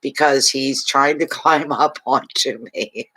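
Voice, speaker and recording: A man's voice: medium pitch, fairly even intonation, slow pace, pushed and bright, husky. A man from Canada chatting casually on a livestream as a fortune reader, emotional, thanking viewers and talking to his dog.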